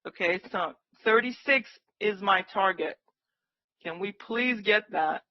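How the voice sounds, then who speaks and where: A woman's voice: medium pitch, slow pace, dry recording, muffled recording. A woman hosting a live day-trading stream, calling out price targets and eagerly urging the market on. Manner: excitable, cheering the market on, pleading. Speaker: day-trading livestream host.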